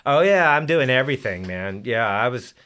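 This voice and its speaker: Expressive and mid-range, an older musician guest speaks at a moderate pace with a sharp yet smooth tone. He tells casual interview stories in a rambling way, full of fillers and frequent restarts.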